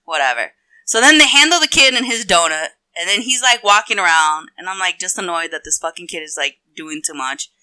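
A woman with a very bright, crisp, clean voice, ranting her way through an everyday story in a loose, profane, animated style. She talks casually, like a co-host chatting on a podcast. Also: on the low side, a little fast.

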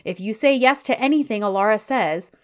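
A woman's voice: a little high, brisk, lightly acted. A woman voicing a wise, loyal adult male friend who gives frank advice, in her own everyday voice. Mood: advising.

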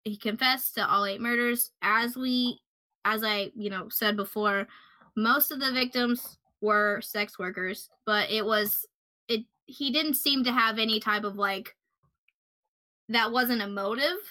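A woman's voice: fairly high pitch, unhurried, bright, forceful tone. A woman co-hosting a true crime podcast, telling the story casually with fillers, sometimes getting heated and swearing.

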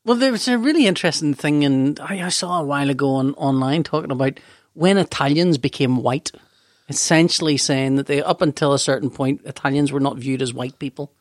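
Jokey man with a higher voice. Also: a little fast, dry recording, clean studio sound. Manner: jokey, breaks into silly voices. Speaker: podcast co-host. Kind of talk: casual chat.

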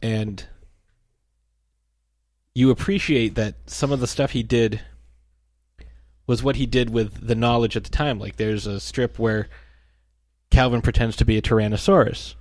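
A man's voice: medium pitch, unhurried, long pauses, no echo, studio quality. A man talking casually and animatedly, retelling comic strips and briefly acting out the characters' voices. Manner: animated storytelling, acts out the characters' lines.

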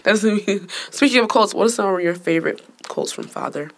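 A woman's voice: mid-range voice, animated, a little fast. A young woman hosting a casual podcast, teasing and laughing through the banter. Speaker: podcast host. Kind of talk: casual chat.

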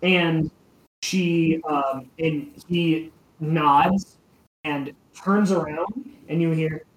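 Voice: mid-range voice, fairly even intonation, very slow, roomy sound, a little hiss or hum, low-quality recording. Rambling game master narrating a tabletop game. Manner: loose, rambling narration with fillers.

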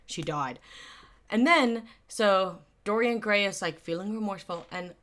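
A woman in a casual book-club podcast chat, animated and full of filler words. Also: medium pitch, moderate pace. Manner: animated, heavy on "like", acts out quotes. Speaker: podcast co-host discussing a novel.

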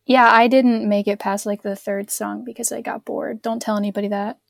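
A woman's voice: a little high, little pitch movement, moderate pace, gravelly, no echo, clean studio sound. Laid-back woman, mild Carolina twang. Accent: mild North Carolina. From near Charlotte, North Carolina. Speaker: podcast guest. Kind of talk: casual chat.

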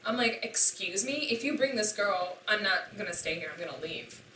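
A woman's voice: medium pitch, expressive, moderate pace, sharp tone, slight background noise. A woman in her twenties, a podcast guest, telling a personal story in a candid, profane way and acting out the dialogue. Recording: echoey room, distant mic.

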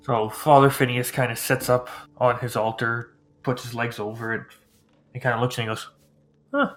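A man narrating a tabletop game as game master, in a halting, descriptive way. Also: medium pitch, little pitch movement, a bit bright.

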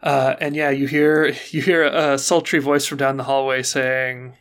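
A man narrating as game master of a tabletop game, relaxed and hesitant, full of fillers. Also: mid-range voice, normal speed, hardly any pauses.

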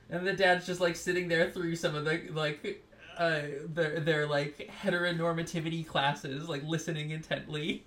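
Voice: medium pitch, flat delivery, moderate pace, a bit bright. A podcast co-host in casual chat, speaking thoughtfully and hesitantly, with many fillers and restarts.

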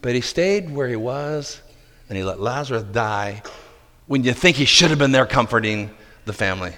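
A man preaching a sermon, dramatic, acting out the disciples' disbelief and dropping to quiet intensity. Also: medium pitch, animated, moderate pace. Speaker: pastor. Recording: long hall reverb.

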